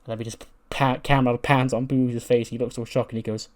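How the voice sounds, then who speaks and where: A man casually recounting a wrestling game run, animated and laughing often as he tells it. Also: medium pitch, a little fast. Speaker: game commentator. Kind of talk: casual let's-play storytelling.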